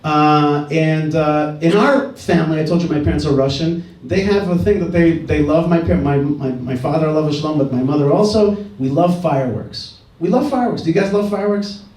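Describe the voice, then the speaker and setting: A middle-aged man with a fairly high but mellow voice tells an earnest story to a gathered audience, circling back to his key phrases. He stands away from the microphone, and the hall rings around him. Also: brisk, hardly any pauses, recorded from a distance. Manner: earnest, repeats key phrases, frequent restarts. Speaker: speaker at a dialogue gathering. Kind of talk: public talk with storytelling. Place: indoor event hall. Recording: roomy hall, speaker away from mic.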